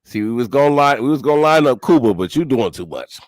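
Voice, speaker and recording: A man's voice: medium pitch, lively intonation, fast talker, dry recording, clean studio sound. A man co-hosting a casual reaction chat, joking and laughing often. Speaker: co-host.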